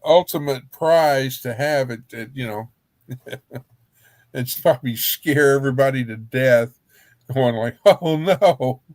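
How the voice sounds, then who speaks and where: A man's voice: mid-range voice, steady tone, a little slow, long pauses, dry recording. A man from Texas hosting a livestream in casual chat, rambling and joking with frequent laughs. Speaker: livestream host.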